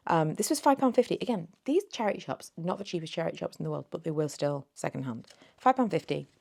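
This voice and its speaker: A woman's voice: low-pitched, expressive, fast talker, gravelly, a little mellow. A woman near forty, chatting casually through a thrift haul, rambling and a little slurred as if just woken. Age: late 30s. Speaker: beauty vlogger.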